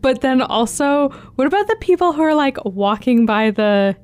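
Smooth-voiced young woman rambling casually. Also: high-pitched, lively intonation, normal speed, a little mellow. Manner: rambling, hedging with "like" and "whatever", swears casually. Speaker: podcast co-host. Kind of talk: casual movie chat.

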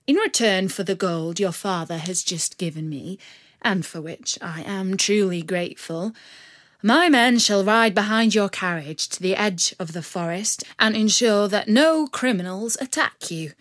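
A woman's voice: mid-range voice, measured pace, fairly bright tone, no room sound, studio quality, natural voice. A woman voicing a gallant young male outlaw leader with a courteous, teasing manner in a storybook reading.

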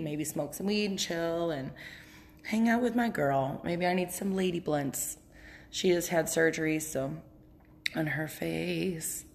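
A woman with a twang talks into her phone for a casual solo podcast. Her voice sits a little low, and she rambles candidly and profanely, often breaking into laughter. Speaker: podcast host. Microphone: phone app.

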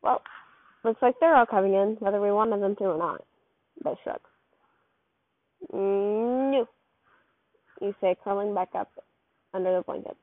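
A woman's voice: medium pitch, a little slow, pauses often, dry recording. A woman casually reading a second-person fan fiction story aloud, with a loose, rambling delivery full of slips and restarts. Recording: tinny, phone-like dry recording.

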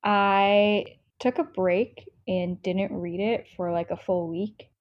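A young American woman reviews a book in loose, casual conversation, often trailing off and circling back. Her voice sits at an everyday pitch. The recording is a little muffled and lo-fi. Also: fairly even intonation, takes it slowly. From United States. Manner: rambling, filler-heavy, self-interrupting. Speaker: book podcast co-host. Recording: slightly dull lo-fi sound.

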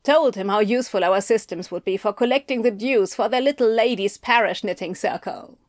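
A woman's voice: mid-range voice, a little fast, no echo, studio quality, close to an everyday voice. A woman voicing a pushy male sales manager who lectures his staff in a bossy tone. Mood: lecturing.

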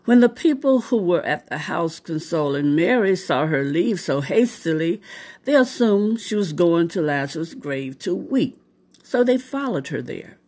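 Slow, prayerful woman preacher. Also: lowish voice, expressive, a little mellow, breathy edge. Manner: slow, prayerful delivery with fervent exclamations. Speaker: devotional host. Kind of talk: scripture reading and devotional sermon.

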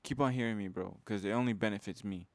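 Fired-up casual young man, low voice. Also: fast, a little mellow, dry recording. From Mexican heritage. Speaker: podcast host. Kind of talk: motivational podcast monologue.

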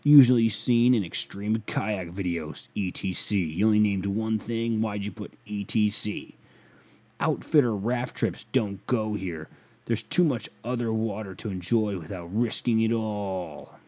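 A man's voice: lowish voice, unhurried, darkish tone. An American man doing a sarcastic, profane comedic solo rant as a podcast host. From United States.

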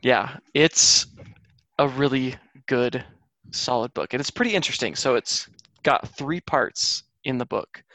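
Gravelly-voiced man chatting casually. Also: medium pitch, a bit bright, no echo. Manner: easygoing, rambling with fillers. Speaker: podcast co-host. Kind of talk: casual chat.

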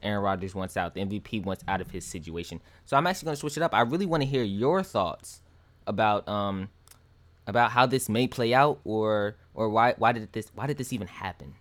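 A man co-hosting a sports podcast in relaxed, colloquial chat. His voice sits somewhat low, and he gets animated when he shares his takes. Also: a little fast. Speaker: podcast co-host.

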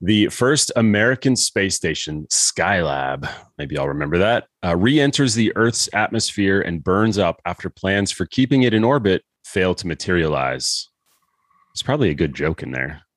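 A man's voice: sits low, animated, normal speed, a bit bright, dry recording. A man hosting a casual tech podcast, joking and laughing often. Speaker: podcast host.

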